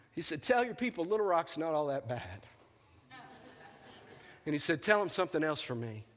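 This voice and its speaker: A man's voice: on the high side, expressive, normal speed, long pauses. A man preaching as a pastor, telling a story and acting out the dialogue. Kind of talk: storytelling sermon. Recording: long hall reverb.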